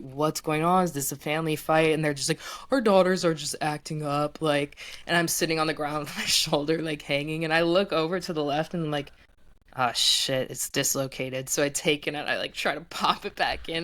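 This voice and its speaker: A woman's voice: deep voice, brisk, a bit bright. A young woman in her twenties casually retelling a personal story, full of "like" fillers. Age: 20s. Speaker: guest.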